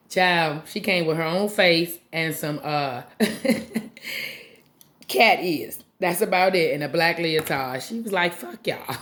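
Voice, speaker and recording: A woman giving a casual, profane recap of a reality show, blunt and animated, often mimicking the cast members. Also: lowish voice.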